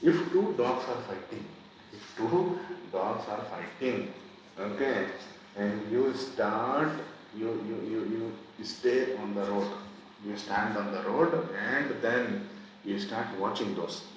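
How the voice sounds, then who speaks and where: A man's voice: lowish voice, takes it slowly. A man teaching a coding class, repeating himself and explaining with homely analogies. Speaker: programming teacher. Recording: echoey room from far off, faint noise.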